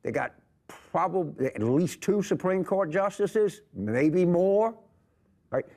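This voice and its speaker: A man's voice: high voice, animated, takes it slowly, mellow. An older man arguing heatedly on a TV panel, emphatic and repetitive, often restarting his sentences. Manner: emphatic, repetitive, jumping between thoughts. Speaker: political commentator guest. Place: TV studio with audience.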